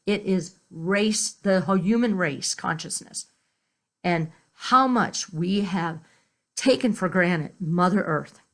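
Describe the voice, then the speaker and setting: A woman minister in her fifties speaks slowly and unhurriedly, at an ordinary pitch for a woman. She gently tells a Bible story, then turns to easy, chatty asides with her congregation. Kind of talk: sermon.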